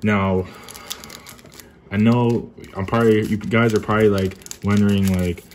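A young man talking casually while unboxing trading cards at home, keeping his voice low and calling himself monotone. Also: a little slow, a little hiss or hum. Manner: kept low and subdued, calls himself monotone. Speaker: card collecting YouTuber. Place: apartment at home.

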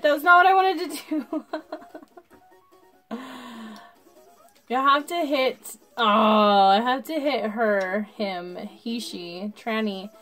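Drunk girl yelling and swearing at a video game, kinda high pitched, drags her words out slow. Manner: swearing, excitable outbursts; talks to the viewers. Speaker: gaming channel host. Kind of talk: casual gameplay commentary.

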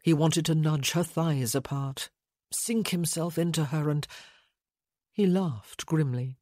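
A woman narrating a romance audiobook in a measured, intimate reading. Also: low voice, warm tone, dry recording, studio quality. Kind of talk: scripted narration.

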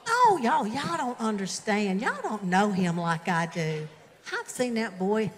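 A woman's voice: medium pitch, sing-song, a little slow. A woman playing a motherly, folksy diner woman in a church stage drama, doting on everyone. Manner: folksy, doting, calls people honey and darling. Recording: reverberant hall with faint music.

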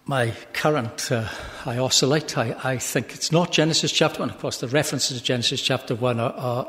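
Man speaking in a reverberant hall. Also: on the high side. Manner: thoughtful, alternating soft asides with emphatic bursts; reads scripture aloud with emphasis. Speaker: Bible talk speaker. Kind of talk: Bible study talk to a live group. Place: hall with a live audience.

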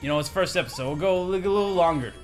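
A young man hosting a let's-play, commenting excitably and swearing often. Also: fairly high pitch, racing. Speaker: host playing the game. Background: game music.

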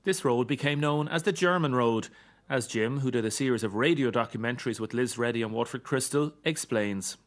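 A man narrating a news report in a measured, steady way. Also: mid-range voice.

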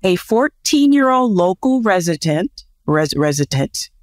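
A woman from the United States co-hosts a podcast and tells a story in an easygoing chat. Her pitch moves a lot as she talks, bright with laughter and self-deprecating asides. The voice sounds close and dry, with no room around it. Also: big pitch swings, a little slow, no echo. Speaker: podcast co-host.

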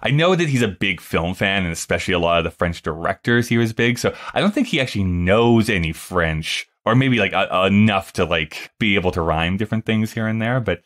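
A man's voice: lowish voice, animated, a little fast, few pauses, a bit bright. A man hosting a podcast, talking casually with many fillers and reading out song lyrics. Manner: chatty, many fillers, reads lyrics aloud. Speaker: podcast host. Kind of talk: casual discussion.

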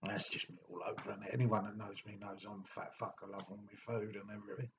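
Blunt man, low voice. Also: level tone, gravelly, muffled recording, background noise. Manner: blunt, plain-spoken, halting with many fillers. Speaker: diary vlogger. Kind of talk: personal diary monologue.

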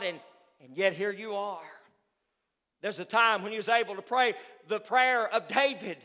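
A man preaching a fervent sermon as pastor of a church, with sudden loud outbursts. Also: high voice, moderate pace. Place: church sanctuary. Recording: long hall reverb.

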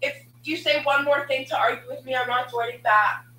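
A woman's voice: high voice, fairly even intonation, a little fast, sharp tone. A woman in a heated argument on a video call, insistent and argumentative, pressing her point again and again. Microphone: video call audio. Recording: echoey room, faint noise.

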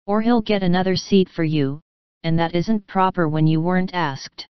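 A woman's voice: lowish voice, moderate pace, smooth, no echo, lo-fi sound, close to an everyday voice. A woman reading as a whiny, pleading little sister. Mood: defiant. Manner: pleading, coaxing. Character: whiny spoiled youngest sister, a young girl.

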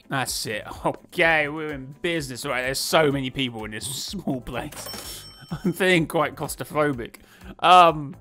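A man giving casual, excitable commentary while he plays a management game, talking to himself and laughing often. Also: mid-range voice, moderate pace, soft background music. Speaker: gaming YouTuber.

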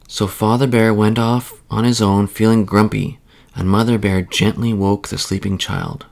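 A man reading a children's bedtime story aloud in a slow, soothing, even way. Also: lowish voice, gravelly.

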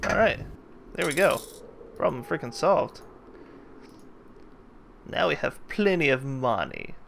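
A man's voice: on the high side, sing-song, slow pace, vocal fry, fairly bright tone, slight background noise. A man hosting a let's play, giving casual, jokey gameplay commentary and thinking aloud as he plays.

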